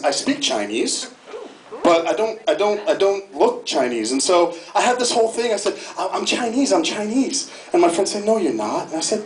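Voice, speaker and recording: An American man doing stand-up in a club, with a high, lively voice that keeps leaping up for punchlines. The stage mic is roomy and echoey, and a steady noise sits under his set. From United States. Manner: animated, self-mocking, jumps into high-pitched bits. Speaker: stand-up comedian. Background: audience laughter.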